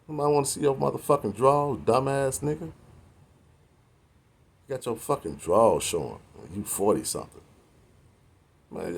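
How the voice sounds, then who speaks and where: Husky-voiced man in his forties ranting. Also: on the low side, a little mellow. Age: 40s. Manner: preachy and confrontational, heavy slang and cursing. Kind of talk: profane street-talk rant to the camera.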